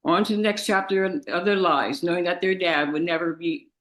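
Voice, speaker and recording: A young woman, the victim's daughter, reads a halting, emotional statement in a courtroom, often repeating her words. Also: fairly low pitch, roomy sound, rough recording. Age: young adult. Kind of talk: reading a victim impact statement.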